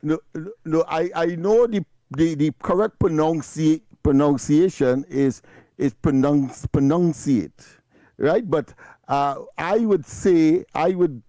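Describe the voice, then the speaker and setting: A Trinidadian man co-hosting a radio show, full of laughs, quick comebacks and repeated words. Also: a little high, dark tone, no echo, clean studio sound. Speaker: radio co-host. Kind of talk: call-in radio banter.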